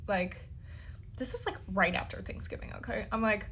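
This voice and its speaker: A husky, slightly bright woman's voice, mid-range and at normal speed, belongs to an interview guest. She chats casually through a personal story, leaning heavily on "like" and cursing freely.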